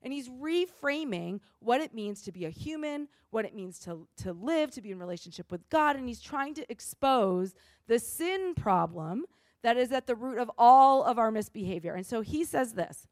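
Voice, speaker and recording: A woman delivering a relaxed, chatty sermon with a high voice. She talks casually, tossing in "like" and "right?" to keep listeners with her. The sound is close and dry. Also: normal speed, no echo. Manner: casual, asks "right?" often, says "like". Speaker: preacher. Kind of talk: conversational sermon.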